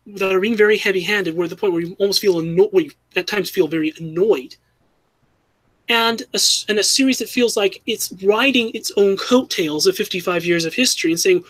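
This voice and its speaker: A fan commentator offers an earnest, critical opinion in a mid-range voice, often restarting and correcting themselves mid-sentence. The recording is dry and rough.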